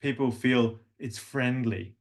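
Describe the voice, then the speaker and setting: Speaking slowly in a mid-range voice, an Australian man coaches voice technique during an online workshop. He demonstrates hums and different vocal tones, chatting casually with frequent restarts.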